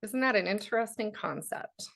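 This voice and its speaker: A woman's voice: medium pitch, animated, moderate pace, gravelly, a bit bright. A woman self-help coach speaking in a casual livestream talk, candid and blunt, swearing freely.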